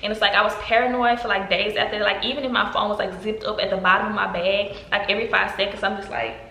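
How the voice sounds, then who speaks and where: A young woman rattles through a storytime vlog at a fast clip, her voice bright and forward. She acts out every quote with big leaps in pitch. The recording has a roomy echo and a faint hum of ambience behind it. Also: fairly even intonation. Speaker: vlogger.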